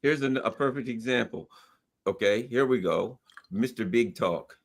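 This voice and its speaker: A man's voice: medium pitch, moderate pace, gravelly. A man in casual political chat who talks animatedly and acts out quoted voices. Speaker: co-host.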